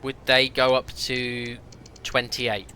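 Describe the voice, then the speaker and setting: A man's voice: medium pitch, little pitch movement, slow, bright, forceful tone, a little hiss or hum. A young man chatting to his viewers as he streams a football management game, thinking aloud, ranting and reacting as he goes. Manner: chatty, talks to viewers, rants and exclaims. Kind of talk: casual gameplay commentary.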